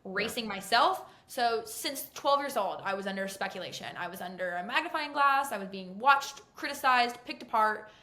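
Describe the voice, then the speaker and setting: Excitable woman pit reporter, bright voice. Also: a little high. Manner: excitable, fast-talking storyteller. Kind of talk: casual chat.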